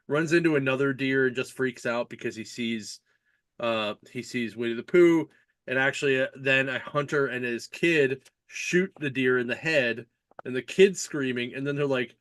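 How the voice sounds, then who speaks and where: A man's voice: medium pitch, no echo. Guy on a comics podcast rambling and laughing, lots of um and like, dead dry mic. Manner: excitable, laughing, filler-heavy retelling. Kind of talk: casual chat.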